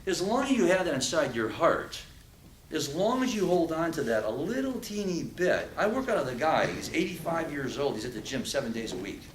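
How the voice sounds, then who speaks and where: A man giving an animated talk to a live audience, telling prison stories and acting out threats. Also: on the high side, fairly quick, reverberant, recorded from a distance, a little hiss or hum, rough recording. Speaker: speaker. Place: event room with audience.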